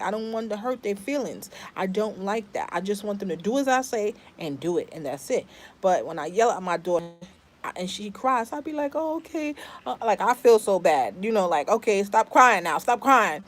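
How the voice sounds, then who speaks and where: A middle-aged woman from the Bronx, chatting casually to her vlog viewers, emphatic and repeating herself. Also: mid-range voice. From the Bronx, New York. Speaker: family vlogger.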